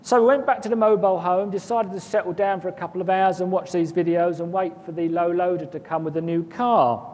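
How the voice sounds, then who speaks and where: A man telling a personal story in a casual, rambling way, often repeating words and chuckling. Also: darkish tone. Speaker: guest recounting an experience. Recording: long reverb, faint rumble.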